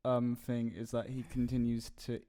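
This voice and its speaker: A man's voice: mid-range voice, monotone, moderate pace, warm tone. Young man, podcast host, casual chat, rambling, giggly, mid-range voice. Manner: rambling, giggly, trails off with ums.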